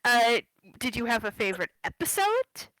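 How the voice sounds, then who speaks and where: A woman's voice: on the high side, sing-song, normal speed, a bit bright, no echo, poor audio. A woman hosting a casual podcast interview, chatty and enthusiastic, laughing often. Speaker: podcast host.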